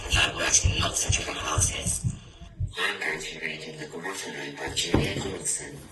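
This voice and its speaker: A man on a school's staff reading a picture book aloud to children, expressive and storytelling. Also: a bass voice. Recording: echoey room, distant mic, noisy.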